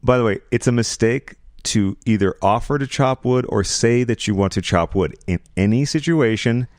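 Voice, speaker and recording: A man's voice: mid-range voice, normal speed, a little mellow, dry recording, clean studio sound. A young adult man hosting a podcast, chatting and joking dryly while recapping a reality show. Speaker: podcast host.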